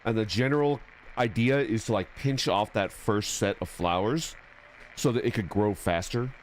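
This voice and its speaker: A man's voice: on the low side, normal speed, a little hiss or hum. A young man streaming a video game, chatting in a rambling, jokey way. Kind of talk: casual gaming commentary.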